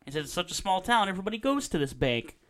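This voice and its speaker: A man's voice: sits high, big pitch swings, fast, fairly bright tone. A man co-hosting a podcast, recapping a movie in playful, profane banter, acting out the characters as he tells it. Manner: profane, playful, acts out characters mid-story. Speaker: podcast co-host.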